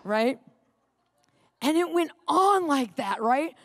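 A middle-aged woman preaching and telling a lively personal story, acting out the people in it. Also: high-pitched, slow. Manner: animated storytelling, acting out quotes.

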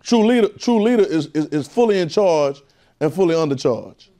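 High-pitched emphatic male Bible teacher. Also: lively intonation, moderate pace, mellow. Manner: call-and-response, repetitive, emphatic. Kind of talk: preaching-style Bible teaching.

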